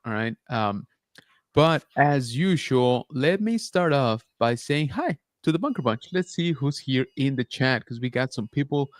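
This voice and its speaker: A man in a middle pitch hosts a relaxed livestream, rambling through stories and greeting viewers in the chat. His voice comes across close and dry, with no room sound. He keeps a loose, filler-heavy flow. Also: dry recording. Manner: chatty, many fillers, reads chat aloud. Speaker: podcast host.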